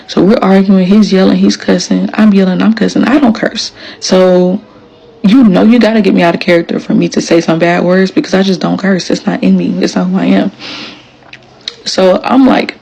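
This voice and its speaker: A woman's voice: medium pitch, fairly even intonation, moderate pace, creaky, dark tone, rough recording. A woman, telling the story of her marriage in casual, emphatic storytelling to camera, acting out quoted lines.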